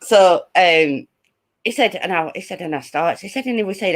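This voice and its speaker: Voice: medium pitch, normal speed. A speaker with a Lancashire accent from northwest England, telling a story as a guest in a casual chat. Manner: lively anecdote-telling, many fillers.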